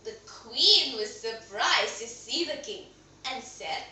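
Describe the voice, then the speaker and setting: A young woman telling a folk story aloud, acting out the characters with loud exclamations. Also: a little high, expressive, takes it slowly, slight background noise. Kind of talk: storytelling narration. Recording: echoey room, voice a bit far from mic.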